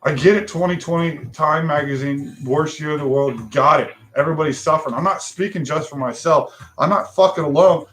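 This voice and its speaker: A man's voice: on the high side, fairly quick, hardly any pauses, fairly bright tone, soft background music. A man hosting a livestream talk show, ranting bluntly with frustration and swearing.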